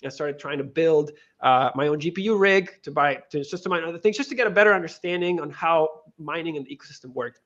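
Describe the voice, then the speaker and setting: Talking fast with few pauses, a crypto lending co-founder from Venezuela tells a story as an interview guest in a lively conversation. His voice is a little high, his style is casual with lots of restarts and quoted dialogue, and the audio is dull and lo-fi.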